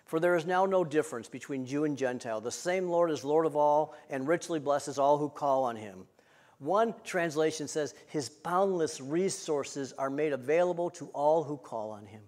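Preaching at a normal speed in a slightly high voice, a male pastor moves between loud, emphatic lines and quiet, intimate ones. His sermon follows a rhythmic, repetitive cadence.

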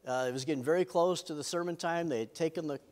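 A man's voice: on the high side, quick pace, a little mellow. A middle-aged man, a pastor, preaching a sermon in an earnest way with self-deprecating humor.

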